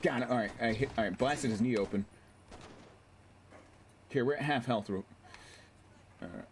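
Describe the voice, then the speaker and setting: A man casually commentating his gameplay on a stream, excitable, swearing, laughing and reading chat aloud. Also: medium pitch, normal speed, a little hiss or hum.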